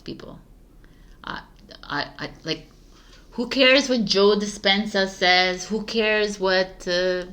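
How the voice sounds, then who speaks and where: A middle-aged woman tarot reader from Canada, talking casually and passionately to her viewers, with frequent fillers. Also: mid-range voice. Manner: passionate, animated, laughs often, frequent "like" fillers. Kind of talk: casual spiritual talk to camera.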